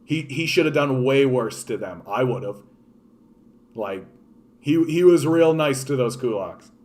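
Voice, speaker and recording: A man's voice: mid-range voice, a little slow. Guy ranting on his stream, swears a lot, says like constantly, regular mid voice. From Canada. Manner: profane, animated, filler-heavy, reacting to chat. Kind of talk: casual political rant.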